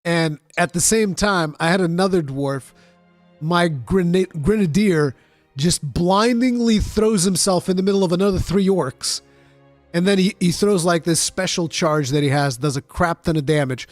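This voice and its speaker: A man casually chatting on his stream while building models, his voice nasal and stuffy from allergies, telling stories in an animated, swearing way. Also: high-pitched, moderate pace, dry recording, faint music behind. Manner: animated, profane storytelling.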